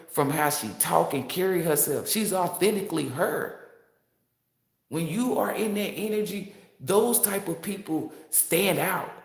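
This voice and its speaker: A woman's voice: low-pitched, reverberant. A woman giving a casual spiritual monologue as a tarot reader, brash, boastful and profane, laughing often.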